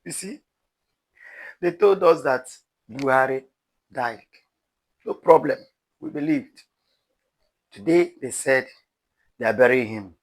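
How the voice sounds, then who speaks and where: A man's voice: medium pitch, animated, measured pace, long pauses. A man with a Nigerian accent giving dramatic, pleading commentary to his viewers as a news vlogger. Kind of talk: animated commentary to camera.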